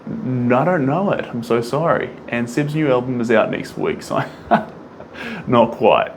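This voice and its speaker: Chatty painter with a lively voice. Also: male voice, medium pitch, unhurried, a little hiss or hum. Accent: non-American English, rolled R. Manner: chatty, hums and sings to himself, reads out and answers chat comments. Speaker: artist streaming live painting. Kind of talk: casual live-stream chat while painting.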